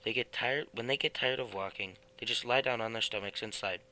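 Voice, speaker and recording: A man voicing an eager, dreamy middle-aged house painter in a read-aloud storybook, lively and animated. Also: mid-range voice, a little fast, slight background noise, rough recording.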